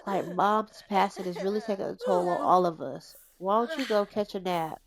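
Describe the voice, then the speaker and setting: A woman's voice: mid-range voice, normal speed, gravelly, a crowd in the background, lightly acted. A woman voicing a tired young woman who takes charge of her siblings in a life-sim game, in a firm, bossy tone.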